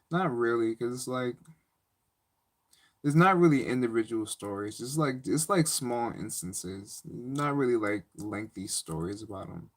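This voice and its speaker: A young man on a live stream, rambling casually with slang and laughter as he tells stories. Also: medium pitch.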